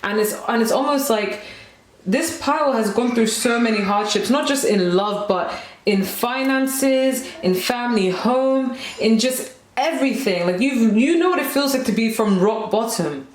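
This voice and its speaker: A woman's voice: a little high, expressive, measured pace, a little hiss or hum. Emotional young woman in a roomy echo. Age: 20s. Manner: emotional, rambling, heavy use of "like". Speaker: tarot reader. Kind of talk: tarot card reading.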